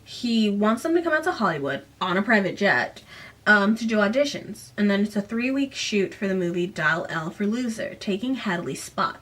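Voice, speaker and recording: A woman's voice: medium pitch, big pitch swings, normal speed, fairly bright tone. Casual female book reviewer, chatty and rambling, recorded slightly distant from the mic. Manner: rambling, self-correcting, giggly asides. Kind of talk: casual book recap with read-aloud passages.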